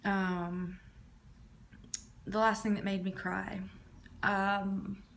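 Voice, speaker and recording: A woman's voice: medium pitch, little pitch movement, extremely slow, slight background noise. A woman in her thirties from the States. She answers tag questions casually and drops her voice at the ends of phrases. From Southern United States. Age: 30s. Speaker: YouTuber.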